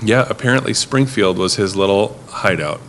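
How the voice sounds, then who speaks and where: A man's voice: on the low side, normal speed, fairly bright tone, slight background noise. A man who works as a rideshare driver telling stories in a casual chat, mimicking his passengers. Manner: easygoing storyteller, mimics passengers. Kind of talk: casual storytelling on a podcast.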